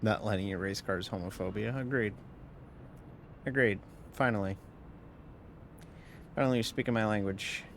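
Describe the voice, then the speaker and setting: A man's voice: on the low side, moderate pace, long pauses, slight background noise. A tired man giving casual, rambling live-stream commentary while sim racing, wry and swearing now and then. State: tired, yawning.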